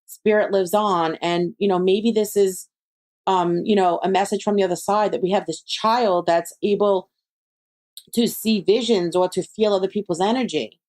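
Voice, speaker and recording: A woman talks as a guest on a podcast. She tells stories in an animated way, slipping into her friends' voices, then settles into calm advice. Her pitch sits in a middle range. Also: normal speed. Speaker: psychic medium guest. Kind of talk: conversational interview.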